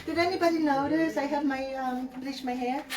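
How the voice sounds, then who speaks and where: A woman's voice: sits high, fairly even intonation, a little fast. Chatty middle-aged woman, distant mic, music. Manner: chatty, talks to viewers while demonstrating. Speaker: furniture painter hosting a live stream. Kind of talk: casual live-stream chat while working.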